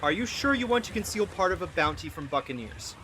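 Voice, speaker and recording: A man's voice: on the high side, sing-song, quick pace, sharp tone, slight background noise. A man narrating as game master of a tabletop game, describing scenes in a descriptive, somewhat hesitant way.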